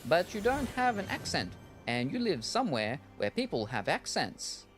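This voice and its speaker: Low-voiced woman chatting while gaming. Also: sing-song, normal speed, soft background music. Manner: wry, rambling, chatty. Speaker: game streamer. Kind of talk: casual gameplay chat.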